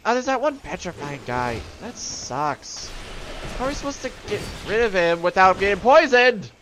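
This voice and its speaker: A man's voice: sits high, normal speed, a little hiss or hum. A man hosting a casual let's-play, joking and calling out to his teammates. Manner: animated, jokey, talks to teammates. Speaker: gaming video host.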